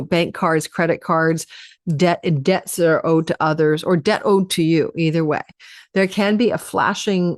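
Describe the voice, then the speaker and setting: A woman's voice: lowish voice, darkish tone, no echo, clean studio sound. Tired, chatty woman astrologer. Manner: rambling, chatty, lists things. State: tired, yawning. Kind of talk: casual astrology forecast.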